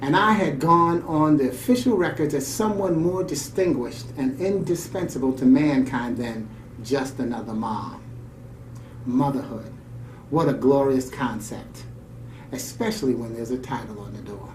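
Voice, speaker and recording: A man reads a story aloud as a radio co-host, breaking in with warm, reflective asides. His medium-pitched voice keeps a measured pace, and the roomy, distant recording carries faint ambience and slight background noise.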